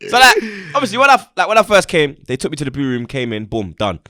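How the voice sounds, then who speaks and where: Lively man telling a story. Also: fairly high pitch, fast, no echo, clean studio sound. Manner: animated storytelling, acting out other people's reactions. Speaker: host. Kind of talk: casual chat.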